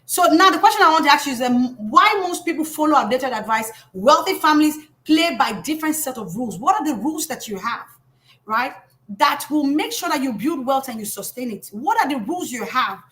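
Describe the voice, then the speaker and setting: Animated high-voiced Nigerian woman coach. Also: fairly quick. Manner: animated, emphatic, scolding with humor. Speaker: financial coach. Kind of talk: live motivational talk.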